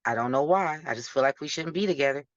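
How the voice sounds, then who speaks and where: A woman's voice: low voice, lively intonation, quick pace, dry recording. A woman guest talking candidly and bluntly in an interview. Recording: dull lo-fi sound.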